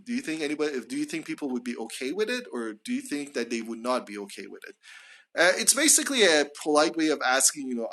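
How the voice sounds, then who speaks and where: A young man teaching English on a live stream, slowly drawing out example phrases and exaggerating rising intonation in tag questions. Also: a little high, big pitch swings, fairly bright tone.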